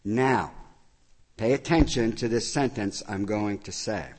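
A man's voice: lowish voice, measured pace, a little mellow, long reverb tail. A man preaching a sermon from the pulpit, teacherly, repeating phrases to stress a point. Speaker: pastor. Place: church sanctuary.

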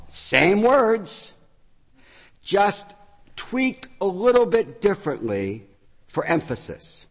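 A man's voice: high voice, sing-song, slow pace, pauses often, big-room sound. A man preaching a sermon from the pulpit, teacherly, repeating phrases to stress a point. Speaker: pastor. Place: church sanctuary.

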